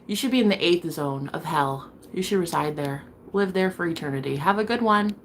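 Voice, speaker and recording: A woman's voice: on the low side, brisk, a little hiss or hum. A woman streaming to her viewers, chatting casually as she reads their comments. She is blunt, swears freely and laughs often. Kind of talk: casual livestream chat.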